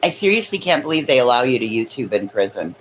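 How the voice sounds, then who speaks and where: A woman's voice: extremely low pitch, sing-song, fast, slight background noise, rough recording. A woman hosting a casual livestream from home, teasing her chat with sarcastic remarks. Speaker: livestream host. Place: home near a kitchen.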